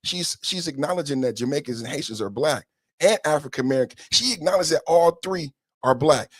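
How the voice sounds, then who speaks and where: A man's voice: fairly high pitch, lively intonation, a little fast, husky, no room sound, studio quality. A man hosting a solo podcast, ranting in a heated, emphatic way with frequent profanity. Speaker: podcast host.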